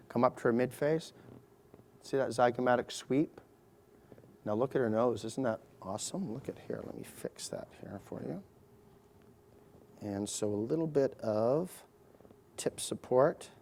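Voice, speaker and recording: A man's voice: mid-range voice, mellow. Joking man narrating a live procedure. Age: middle-aged. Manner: chatty, joking asides while explaining technique. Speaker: surgeon demonstrating a procedure. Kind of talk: live procedure demonstration to an audience.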